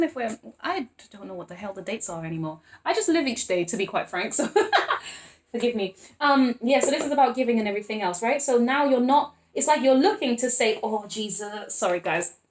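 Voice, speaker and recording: A woman giving a casual tarot reading, gushing and emotional, calling listeners sweetie pies and baby, and rambling with many restarts and corrections. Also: on the high side. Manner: excitable and emotional, quick to laugh. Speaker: tarot reader.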